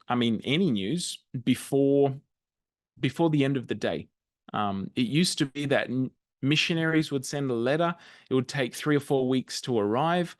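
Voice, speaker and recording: Middle-aged Australian man, conversational webinar presenter, mid-pitched, dry video-call sound. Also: dry recording. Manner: conversational, with frequent ums and restarts. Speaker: church magazine editor presenting a webinar.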